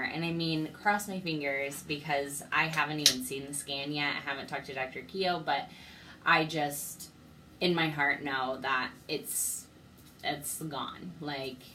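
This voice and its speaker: Young woman vlogger, low and unhurried, heartfelt, faint room hiss. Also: a bit bright, poor audio. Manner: heartfelt and grateful, speaks through emotion. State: teary. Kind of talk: personal video diary.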